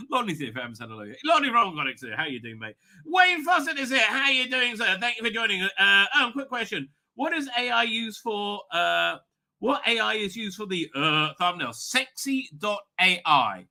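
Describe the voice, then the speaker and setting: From a home office, a male livestream host chats casually in a lively, bright, high voice at a moderate pace. He rambles, with many fillers and restarts.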